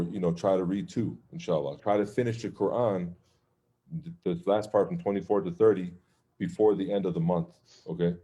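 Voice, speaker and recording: Low, mellow-voiced man teaching casually. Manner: conversational, checks in with "okay?" and "right?". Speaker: Islamic teacher. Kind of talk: informal religious class.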